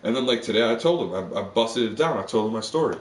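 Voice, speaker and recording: Male streamer, lowish voice, loose cursing ramble, roomy sound picked up from across the room. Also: expressive, quick pace. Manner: profane, rambling, full of fillers. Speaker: live streamer. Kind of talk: rambling live-stream monologue. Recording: echoey room, far from the mic.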